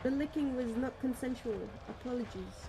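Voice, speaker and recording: A young woman streaming a horror game, rambling nervously to herself and quickly tipping into panic. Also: on the high side, creaky, background noise. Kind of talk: gaming stream commentary.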